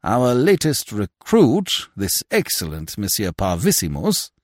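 A man voicing a pompous, blustering older male manager of a theatre troupe, loud and indignant. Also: on the low side, huge pitch swings, unhurried, no echo, clean studio sound, voice pushed up, full character voice. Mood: mocking.

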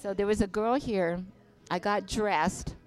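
An older woman, a veteran dancer, telling stories in a casual interview, animated and swearing freely, acting out other people's voices. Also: mid-range voice, unhurried. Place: inside a bar venue. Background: faint music.

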